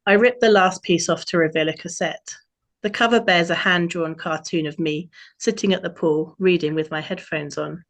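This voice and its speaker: A woman author reads a passage from her novel aloud, after a hesitant, um-filled introduction. Her voice sits on the low side, and she narrates in a steady, even way. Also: normal speed. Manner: hesitant with many ums when speaking freely.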